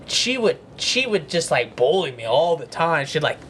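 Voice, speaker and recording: A man's voice: fairly high pitch, sing-song, moderate pace, fairly bright tone, slight background noise. A man hosting a casual podcast, who asks teasing questions and jokes with his co-host.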